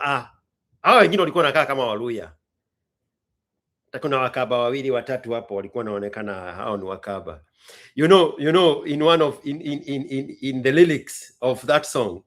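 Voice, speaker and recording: A man's voice: mid-range voice, animated, brisk, pauses often, fairly bright tone. A man, hosting and chatting animatedly, reading lyrics aloud and dropping in slang. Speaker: host. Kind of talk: casual commentary.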